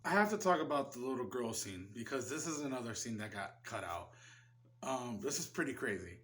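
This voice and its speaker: A man's voice: medium pitch, lively intonation, brisk, a bit bright, slight background noise. A man giving a casual film review, rambling loosely and swearing freely. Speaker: movie reviewer.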